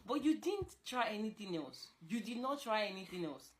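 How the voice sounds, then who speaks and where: A woman's voice: normal speed, breathy edge. Young woman ranting at her partner, keeps repeating herself, voice shoots up when she insists. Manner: animated, scolding, repeats herself, pitch jumps when insisting. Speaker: girlfriend in a couple argument. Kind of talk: casual heated monologue.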